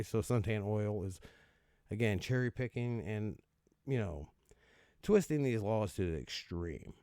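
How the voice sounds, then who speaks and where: A man's voice: on the low side, a little mellow, clear, resonant tone, no room sound, clean studio sound. A man hosting a casual comedic commentary, sarcastic and profane, laughing as he riffs with mock voices. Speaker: host reacting to odd laws.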